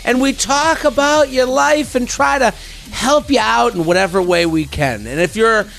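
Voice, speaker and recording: A man hosting a podcast in an energetic, playful chat, with sing-song emphasis, close to the mic. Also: very high voice, normal speed, creaky. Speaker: podcast host.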